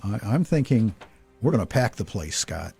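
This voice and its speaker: A man's voice: fairly low pitch, very animated, moderate pace, gravelly, darkish tone, breathy edge, soft background music. A man co-hosting a racing talk show, chiming in casually with short remarks. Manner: easygoing, adds short remarks. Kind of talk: casual radio show chat.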